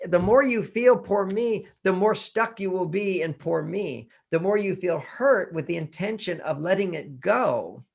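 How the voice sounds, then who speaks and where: A man's voice: high-pitched, expressive, a little slow, creaky, few pauses, slightly rough. A man in his sixties from Texas, speaking as a guest author in an interview, emphatic and acting out quoted voices. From Texas, USA. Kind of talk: interview talk.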